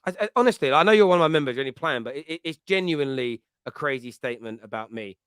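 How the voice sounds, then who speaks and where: A man with an East London accent, hosting a fan podcast and answering chat comments in an animated, chatty way, laughing often and restarting his sentences. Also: mid-range voice, rapid-fire, clean tone, no room sound, studio quality. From East London, England. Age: adult with a school-age child.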